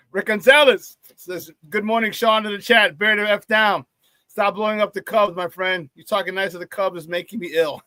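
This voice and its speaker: This Chicago-area sports talk radio host has a high voice and normal speed on a dry recording. He keeps his show casual, reading the live chat aloud, repeating himself, and laughing often in an animated way.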